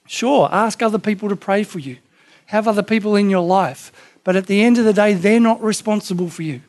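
A pastor delivers a sermon with a fairly high voice. His preaching is emphatic and impassioned, with lines that surge louder and others that drop to near quiet. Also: fairly quick. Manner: impassioned, emphatic preaching with sudden loud peaks and hushed drops.

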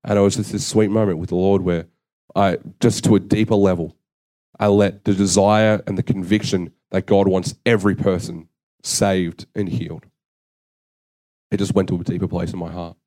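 A man's voice: low-pitched, level tone, moderate pace, warm tone. A young man preaching a sermon, earnest and conversational, telling stories against himself. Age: young adult. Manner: conversational, earnest, self-deprecating storytelling.

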